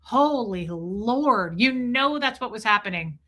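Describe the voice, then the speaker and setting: A middle-aged woman hosting a livestream, talking in a profane, animated way as she comments on online drama and acts out what people said. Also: fairly high pitch, takes it slowly. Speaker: livestream host.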